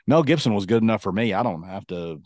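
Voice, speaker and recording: A man co-hosting a casual podcast chat, rambling and animated, slipping into quick impressions. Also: lowish voice, dry recording. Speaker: podcast co-host.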